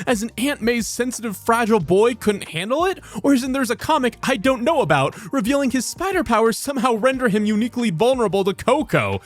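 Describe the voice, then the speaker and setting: A man voice actor reading funny posts aloud in an animated, expressive comedic narration. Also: extremely high pitch, a little fast, few pauses, faint music behind. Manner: animated, expressive, swings between many voices.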